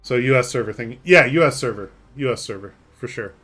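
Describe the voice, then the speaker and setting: A man's voice: mid-range voice, expressive, fairly quick, fairly bright tone, breathy edge, faint music behind. A man streaming a game live, chatting casually with a rambling, self-deprecating manner as he reads and answers chat.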